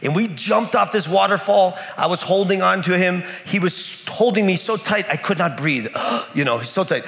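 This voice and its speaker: A man's voice: sits high, moderate pace, creaky, hardly any pauses, a bit bright. A man from the United States preaching a sermon in a church in Kenya, telling a story with lots of repetition. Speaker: pastor. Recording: echoey church hall.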